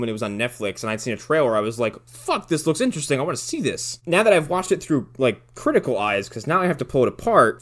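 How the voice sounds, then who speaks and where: A man's voice: medium pitch, fairly bright tone. A man in a casual film-review chat, talking at length in a thoughtful, rambling way with some swearing. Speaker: podcast co-host reviewing a film.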